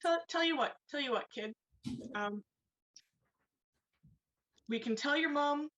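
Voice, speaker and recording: A woman voicing a young male tiefling who coaxes and reassures in a soft, soothing way. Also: a little high, highs cut off, close to an everyday voice. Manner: coaxing, reassuring, sidestepping the truth.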